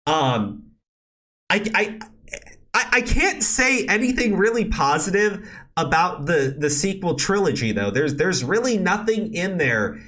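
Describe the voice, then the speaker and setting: A man hosting a commentary channel, ranting angrily and sarcastically with lots of swearing, stammering and repeated words, and shouting when worked up. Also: big pitch swings, measured pace. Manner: shouts and climbs high when angry.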